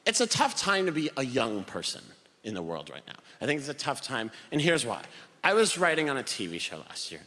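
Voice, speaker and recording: A man doing stand-up comedy, telling wry stories on stage in a live venue. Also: mid-range voice. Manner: animated, wry storytelling. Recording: live hall reverb, faint room noise.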